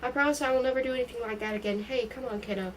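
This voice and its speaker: A woman reading aloud and voicing an angry, desperate middle-aged father who shouts, in a brisk high voice recorded from a distance with faint background noise. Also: lightly acted. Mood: pleading. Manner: shouting, then pleading.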